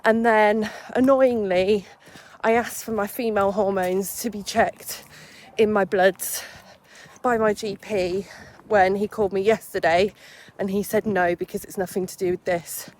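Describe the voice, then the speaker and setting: A young adult woman from England talking straight to camera in a casual vlog, chatty and animated, swearing freely as she retells her day. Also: medium pitch, unhurried, slight background noise. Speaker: vlogger.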